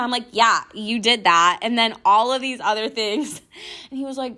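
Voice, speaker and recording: A woman's voice: fairly high pitch, a little fast, sharp tone. A young woman hosting a podcast, casually telling a personal story to listeners, full of "like" and mocking retellings. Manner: chatty, frequent "like", mocking retellings. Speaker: podcast host.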